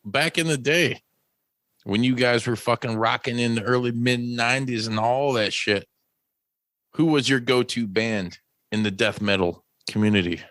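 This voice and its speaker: A man hosts a casual podcast and asks his questions in a laid-back, profane way. His voice is bright and forward, recorded dry and close with no room around it. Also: medium pitch, moderate pace, no room sound. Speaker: podcast host.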